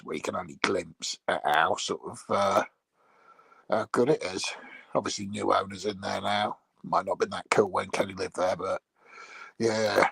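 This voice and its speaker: A man with a gravelly, husky voice talks in a loose, crude ramble, chuckling at his own gags. The sound is dry and close, with no room around it. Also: on the low side, fairly bright tone, dry recording. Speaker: vlogger. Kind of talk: casual rambling monologue.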